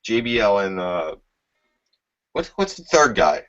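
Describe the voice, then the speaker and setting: A man's voice: fairly low pitch, sing-song, unhurried, fairly bright tone. A man in a casual chat, rambling and profane, often groping for names mid-sentence. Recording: dull lo-fi.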